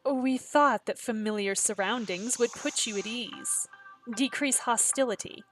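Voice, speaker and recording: A woman's voice: on the high side, a little slow, faint music behind, natural voice, poor audio. Chloe, a woman reading a sweetly menacing girlfriend. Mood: sinister. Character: young woman, girlfriend turned cold and sinister.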